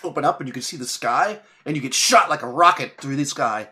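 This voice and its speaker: A young man runs a tabletop game as its game master, describing the scene in a loose, rambling way. He keeps restarting his sentences and breaks into quick laughs. His voice sits at a middle pitch for a man. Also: expressive, background noise.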